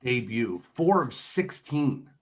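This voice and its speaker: Man hosting a sports show, mid-pitched, teasing, keeps things moving. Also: very animated. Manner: teasing, quick to hand off. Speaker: podcast host. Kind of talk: casual sports talk.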